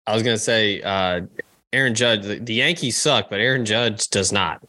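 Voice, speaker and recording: A man co-hosting a podcast in loose, joking chat, swearing freely and tossing in quick asides. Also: on the low side, pushed and bright. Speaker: podcast co-host. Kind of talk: casual chat.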